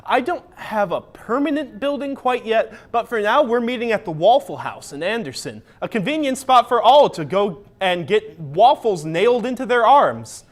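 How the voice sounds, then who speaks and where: A young man delivering a mock-grandiose comic monologue as presenter of a student show. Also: sits high. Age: young adult.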